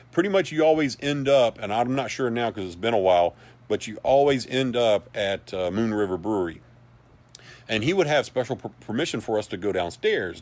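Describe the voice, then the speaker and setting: Brief: a man with a lowish voice, hosting a casual livestream, folksy and rambling. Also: a little mellow. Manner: rambling and folksy, with many asides. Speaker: livestream host for a paranormal society. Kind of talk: casual storytelling and reading viewer comments.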